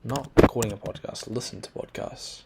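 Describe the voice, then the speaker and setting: A young man talks to himself in a loose, crude, self-critical ramble, like a spoken journal. His voice sits at a middling pitch. Keyboard clicks and typing are clearly heard behind him. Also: a little fast, heavy background noise. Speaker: vlogger.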